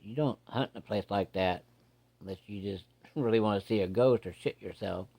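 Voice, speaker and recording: A man voicing an older rural hunter in a story, gruff, blunt and superstitious, with folksy talk. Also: on the low side, normal speed, warm tone.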